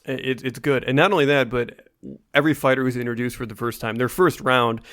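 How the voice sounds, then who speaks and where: A man co-hosting a podcast, explaining in relaxed casual chat with many fillers. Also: mid-range voice, fairly quick. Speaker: podcast co-host.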